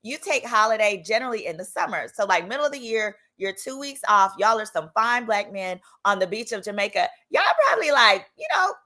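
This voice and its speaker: A woman attorney hosting a casual storytime vlog, with a strong accent and an animated, chatty delivery that slips into voices for dialogue. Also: mid-range voice, a little fast, few pauses. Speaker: attorney and channel host.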